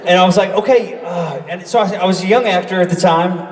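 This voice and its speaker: A man's voice: high-pitched, fast talker, noisy background. A man telling stories casually on a convention panel, acting out other people's lines as he goes. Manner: animated storyteller who acts out other people's lines. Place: large convention hall. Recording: echoey hall from far off.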